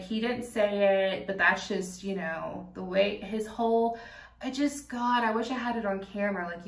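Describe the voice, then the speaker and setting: A young woman with a mid-range voice tells a candid, animated story straight to camera, laughing easily and swearing freely. Her voice carries the echo of a bare room, picked up from a few feet away. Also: medium pitch, far from the mic. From Kentucky. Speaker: vlogger. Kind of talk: casual storytime while doing makeup.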